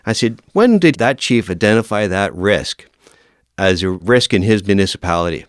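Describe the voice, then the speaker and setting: Deep-voiced man telling stories, crisp dry sound. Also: normal speed, dry recording. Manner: lively storyteller who acts out quoted dialogue. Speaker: podcast guest, veteran firefighter. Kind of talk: casual storytelling interview.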